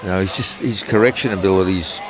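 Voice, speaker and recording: A man's voice: low-pitched, fast talker, over music, crowd noise. A man giving bowls co-commentary, mostly with short, agreeable replies. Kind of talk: livestream sports commentary.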